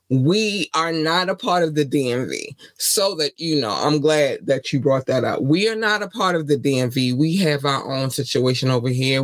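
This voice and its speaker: A man's voice: a little high, no echo. A man from Baltimore with a Baltimore accent, hosting a podcast in a casual monologue, passionate and defiant, repeating his points. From Baltimore, USA. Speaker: podcast host.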